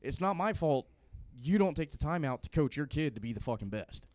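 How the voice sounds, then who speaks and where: A man's voice: on the high side, very animated, fairly quick, darkish tone, no room sound. A man from Louisiana, hosting a casual podcast, opinionated and rambling.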